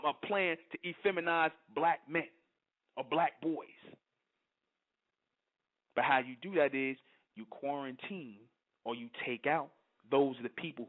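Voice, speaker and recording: A middle-aged man, hosting an internet radio show and preaching in a fiery monologue that keeps asking "you understand?". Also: medium pitch. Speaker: radio host. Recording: tinny phone-line audio.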